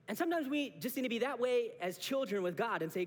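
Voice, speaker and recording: Animated high-voiced male pastor preaching. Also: fast talker, hardly any pauses. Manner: animated, acts out short dialogues with God. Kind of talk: sermon. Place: church auditorium. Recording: long reverb of a church hall.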